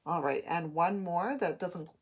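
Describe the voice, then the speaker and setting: A woman teaching a phonics lesson, sounding out words slowly and clearly, syllable by syllable. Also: on the low side.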